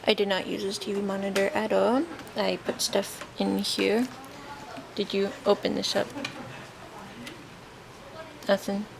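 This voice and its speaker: A young woman chats casually into her camera from a hospital room, still recovering from oral surgery. Her voice has a gravelly, fried edge, and she giggles a lot between thoughts. The recording is noisy, with plenty of hiss behind her. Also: medium pitch, completely flat delivery, a little slow, pauses often. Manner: chatty, giggly, laughs often. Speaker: vlogger. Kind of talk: casual chat.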